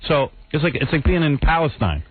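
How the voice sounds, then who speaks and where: A radio host tells a long story, and his pitch leaps up and down as he acts out each line. His voice is a little husky. The sound is dry and narrow, like it comes over a phone line. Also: fairly quick, no echo. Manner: animated storyteller acting out quotes.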